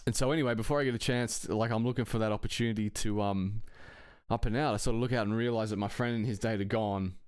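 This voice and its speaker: Casting: man, low and smooth voice, loose profane storyteller, dry close sound. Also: fairly even intonation, fast talker, darkish tone, no echo. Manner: rambling, profane, chuckling between phrases. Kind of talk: casual anecdote telling.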